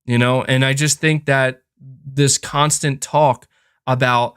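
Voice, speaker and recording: A man's voice: mid-range voice, steady tone, slow, a bit bright, clean tone. A man hosting a podcast, talking in a casual, frustrated rant with lots of fillers and restarts. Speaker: podcast host. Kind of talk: casual opinionated chat.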